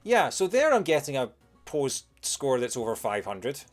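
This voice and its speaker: A man's voice: medium pitch, very animated, moderate pace, faint music behind. A young British man giving casual commentary while playing a video game, rambling with lots of fillers as he answers chat.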